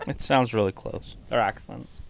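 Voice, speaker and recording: A man's voice: medium pitch, normal speed, vocal fry, slight background noise. A man co-hosting a live wrestling stream, rambling in a laid-back, jokey way between bits of match commentary.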